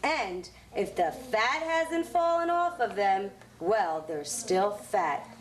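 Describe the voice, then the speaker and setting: A woman kindergarten teacher reading a story aloud to children in a classroom, slow, sing-song and encouraging. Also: medium pitch, animated. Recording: echoey classroom on noisy old tape.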